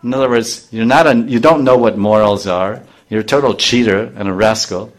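A man's voice: on the low side, normal speed. A middle-aged man giving a scripture class to a live group, explaining verses line by line and briefly acting out the characters' voices. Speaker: spiritual teacher.

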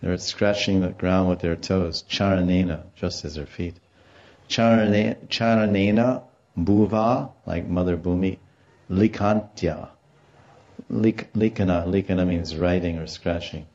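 A man with a lowish, mellow voice gives a devotional lecture in a storytelling manner. He stops to explain Sanskrit terms along the way. The recording is somewhat dull and lo-fi. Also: fairly even intonation, moderate pace, hardly any pauses. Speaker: religious teacher.

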